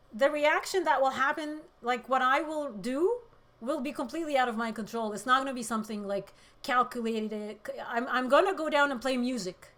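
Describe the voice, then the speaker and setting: Impassioned high-voiced woman livestreaming. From Middle East. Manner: impassioned, shifts between loud outbursts and quiet emotion. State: emotional, close to tears. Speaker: livestream host reading chat comments. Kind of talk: emotional political livestream talk.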